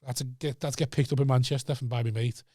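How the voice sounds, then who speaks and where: A young man, telling a sweary, animated story in casual podcast chat. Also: mid-range voice, quick pace, no room sound, clean studio sound. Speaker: podcast co-host.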